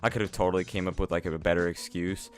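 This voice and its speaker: A man's voice: low voice, steady tone, fast, smooth. A young man telling a casual, profane, self-mocking story to his viewers. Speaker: vlogger. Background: faint instrumental music.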